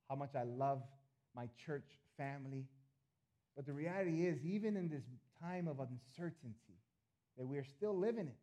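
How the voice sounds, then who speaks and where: Middle-aged male pastor, mellow and a bit high, earnest sermon delivery with repeated phrases. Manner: earnest, repeats phrases, swings between loud appeals and soft asides.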